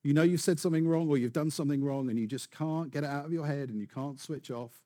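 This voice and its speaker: A man preaching a sermon with animated, building emphasis and rhetorical questions. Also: on the high side, fast.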